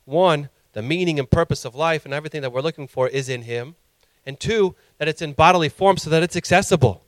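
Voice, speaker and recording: Male pastor, fairly high voice, impassioned sermon delivery, dry close recording. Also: fast talker, dry recording. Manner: impassioned preaching, rising to emphatic peaks.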